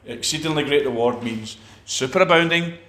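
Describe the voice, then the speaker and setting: A man's voice: fairly high pitch, moderate pace, fairly bright tone, reverberant. A man preaching a sermon, emphatic, with repeated phrases and restarts.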